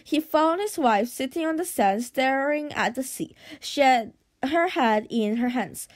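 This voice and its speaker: Woman narrator for an audiobook, high voice, steady read with a few slips. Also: a little slow. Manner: steady reading with occasional stumbles and restarts. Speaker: audiobook reader. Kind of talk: audiobook reading.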